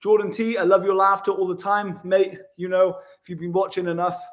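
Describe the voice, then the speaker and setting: A man's voice: high-pitched, flat delivery, brisk. A young man live-streaming a casual vlog from a hotel room, chatting with viewers, laughing often and calling everyone mate.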